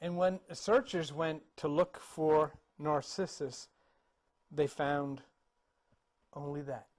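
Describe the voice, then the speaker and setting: A man with a high voice retells an old myth while pointing out paintings. His delivery is casual and conversational, full of restarts and the odd chuckle. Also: little pitch movement, takes it slowly. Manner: chatty, laughs and restarts, conversational fillers. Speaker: speaker telling a myth about paintings. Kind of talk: casual storytelling talk.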